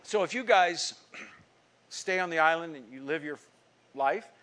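A middle-aged man preaching with a slightly high voice. He tells a story and voices its people, pushing some lines hard and dropping others to a near hush. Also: unhurried. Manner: storytelling, acting out quoted speech; emphatic preaching with sudden drops to quiet. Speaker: pastor. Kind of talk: sermon.

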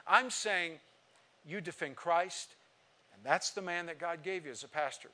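A visiting pastor preaches a sermon, relating a personal story with emotion and building to emphatic exhortation. His voice is on the high side and sharp in tone, and he keeps a measured pace.

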